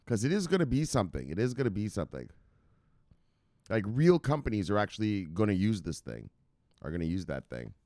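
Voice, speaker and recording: An American man hosts a casual crypto news show, offering loose, playful market commentary with sing-song chanted refrains and plenty of swearing. His lowish, mellow voice is very animated and a little fast, recorded in a studio with no room sound.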